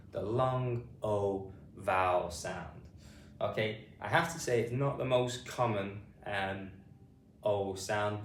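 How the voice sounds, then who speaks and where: British male phonics teacher, slow and patient, spells words out, roomy distant mic, faint hiss. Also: fairly low pitch. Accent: British English. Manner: patient, repetitive, says each word then spells it letter by letter. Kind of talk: slow spelled-out pronunciation lesson.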